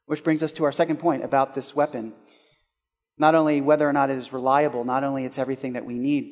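A male pastor preaching a sermon, asking rhetorical questions and swinging between loud and hushed. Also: mid-range voice, little pitch movement, fast, in a large hall.

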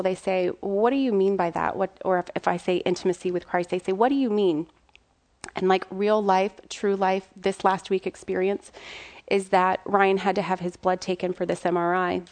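A woman in her thirties, a mother, giving an earnest and candid personal faith testimony, pausing and restarting as she speaks. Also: lowish voice.

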